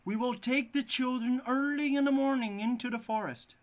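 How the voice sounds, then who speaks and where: A woman's voice: fairly high pitch, normal speed, voice pushed up, close to an everyday voice. A man doing a harsh scheming stepmother. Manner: loud, sharp and scolding.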